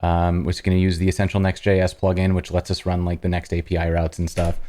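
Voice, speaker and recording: Low-voiced man talking through live coding. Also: monotone, dark tone, a little hiss or hum. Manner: talks through each step as he types, halting restarts. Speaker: host live-coding on stream. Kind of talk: casual live-coding chat.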